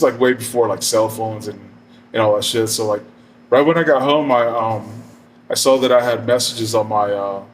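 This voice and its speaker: A man's voice: mid-range voice, distant mic, slight background noise. A middle-aged man telling a story casually, rambling and profane with many fillers.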